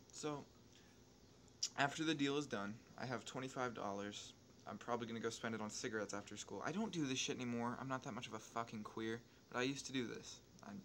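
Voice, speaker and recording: A man's voice: medium pitch, a little hiss or hum. Rambling, foul-mouthed young man telling a story. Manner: profane, rambling, restarts and asides; excitable, quick swings in loudness. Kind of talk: casual storytelling over gameplay.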